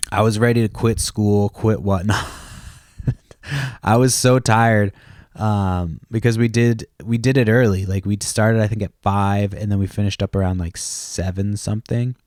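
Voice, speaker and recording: A man with a lowish voice hosts a casual podcast, drifting from story to story. He swears constantly, stumbles and restarts his sentences, and chuckles at his own tales. The sound is dry and close. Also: a little mellow, no echo. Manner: profane, storytelling, lots of restarts and fillers; laughs at his own stories. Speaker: podcast host. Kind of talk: rambling casual chat.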